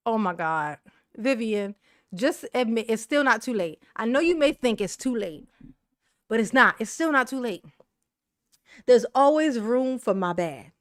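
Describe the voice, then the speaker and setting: A woman's voice: a little high, normal speed, long pauses, no echo, clean studio sound. A woman host giving casual, blunt reaction commentary, sassy and profane and laughing often.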